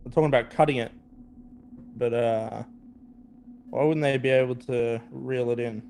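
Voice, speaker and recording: A man's voice: medium pitch, steady tone, normal speed, creaky, a little mellow, a little hiss or hum. A man playing a tabletop game, asking questions in a matter-of-fact way as his character. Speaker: player.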